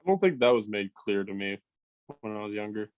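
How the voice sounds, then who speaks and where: Low-voiced male podcast co-host. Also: lively intonation, a little fast, a little mellow, clean tone, no echo. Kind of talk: casual podcast chat.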